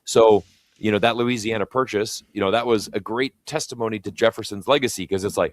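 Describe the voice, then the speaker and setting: A man's voice: fairly low pitch, fairly even intonation, fast talker, no room sound, clean studio sound. A Canadian man with a Canadian accent co-hosting a live talk show, rambling and opinionated with lots of fillers. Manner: rambling, many "you know" fillers, opinionated. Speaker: co-host of a live talk stream. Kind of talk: casual political chat.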